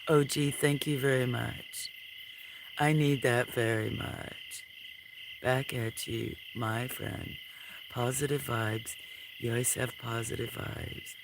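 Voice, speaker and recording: A man talks to his livestream viewers late at night, slowly and with a gravelly edge. He sounds drowsy and relaxed and yawns between remarks. Crickets, frogs and insects fill the night air around him outdoors. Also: medium pitch, noisy background. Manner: sleepy, yawning, slow and relaxed. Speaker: livestream host.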